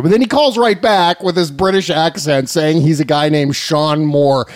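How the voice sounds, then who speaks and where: Male podcast host, animated and incredulous, slightly high voice, dry close sound. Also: normal speed, hardly any pauses, dry recording. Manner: animated, incredulous storytelling with laughs. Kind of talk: casual chat.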